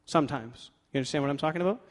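A male pastor preaching a sermon in a conversational way, swinging from loud emphatic bursts to quiet asides and joking with himself. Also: fairly high pitch, racing. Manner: conversational with fillers like "like" and playful self-talk. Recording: long reverb of a large hall.

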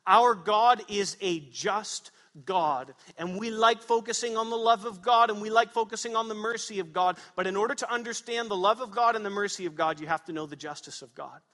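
A man's voice: sits high, fast, hardly any pauses, bright, forceful tone, in a large hall. A man preaching a sermon as pastor to his congregation, emphatic, asking them questions. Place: church sanctuary.

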